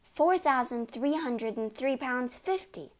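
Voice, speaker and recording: A woman reading a storybook aloud, voicing a clever little girl who speaks quietly and gently. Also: sits high, lively intonation, slow pace, pitched above the performer's own voice. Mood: gentle.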